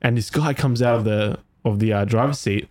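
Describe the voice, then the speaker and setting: A man telling a story in a casual chat, animated and swearing often. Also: lowish voice, brisk. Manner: animated, swearing, acts out voices in his story. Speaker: podcast co-host telling a story.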